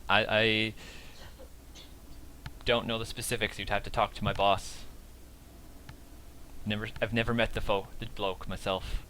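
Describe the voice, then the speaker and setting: A man's voice: on the low side, flat delivery, a little slow, long pauses, bright, forceful tone, a little hiss or hum. A man voicing a captive male orc drug dealer who talks in a grumbling, evasive and resigned way.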